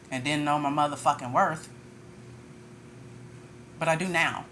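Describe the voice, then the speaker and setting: A woman's voice: low-pitched, a bit bright, a little hiss or hum. A woman tarot reader ranting in a casual monologue, blunt and profane, with frequent laughter.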